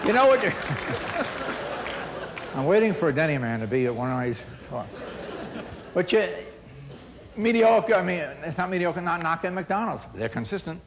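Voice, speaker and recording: A middle-aged man gives a keynote talk, telling stories and acting out the dialogue. His voice is high and very expressive, and it swings from booming to hushed. He sounds like a practiced stage speaker. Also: unhurried, pauses often, some chatter behind, a little hiss or hum. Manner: animated storyteller acting out dialogue, with big swings from loud to hushed. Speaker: motivational speaker on customer service.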